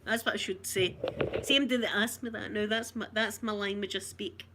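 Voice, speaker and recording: A woman's voice: medium pitch, steady tone, moderate pace, background noise. A Scottish woman from Scotland in casual live chat, talking to viewers, laughing often and reading out their comments. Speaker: vlogger.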